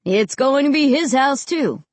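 A woman voicing a friendly adult man who shows a family around a house, in a smooth, reassuring manner. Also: high-pitched, lively intonation, a little slow, no echo, pitched above the performer's own voice.

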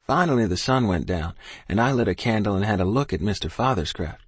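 A man's voice: on the low side, animated, a little fast, husky, no room sound. A man narrating a first-person story in plain, folksy rural dialect, recorded close in a dry studio. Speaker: audiobook narrator.

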